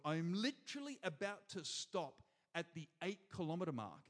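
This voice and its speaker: An Australian man preaches in a high, bright register with lively energy. He keeps calling out to the congregation from the front of a church hall. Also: fairly quick, few pauses. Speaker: pastor. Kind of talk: sermon.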